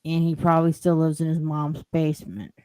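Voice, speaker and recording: A woman's voice: low voice, little pitch movement, fairly quick, warm tone, dry recording. Rambling woman telling a story. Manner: rambling, with lots of "like" and "you know". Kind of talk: casual storytelling.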